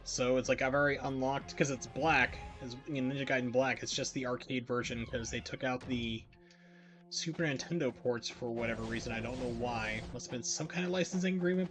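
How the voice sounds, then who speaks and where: A man talking loosely through a live game stream at an ordinary mid pitch, wandering from thought to thought with dry asides to his viewers. Quiet game music runs underneath his voice. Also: a little fast. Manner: rambling, wry, chatting to viewers. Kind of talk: casual gameplay commentary.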